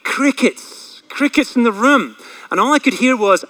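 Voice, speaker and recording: A man preaching a sermon and telling a personal story with animated energy. His voice is high and bright, and he moves quickly through his story. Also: poor audio. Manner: animated, fast storytelling with acted quotes.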